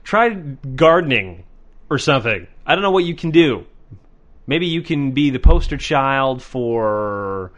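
A man hosting a podcast in casual chat, animated and sarcastic, swearing freely. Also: medium pitch, measured pace, lo-fi sound. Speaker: podcast host.

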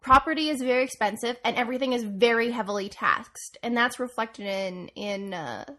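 A woman co-hosting a casual podcast, chatty and quick to laugh. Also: on the high side, sharp tone. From Calgary, Canada. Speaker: podcast co-host.

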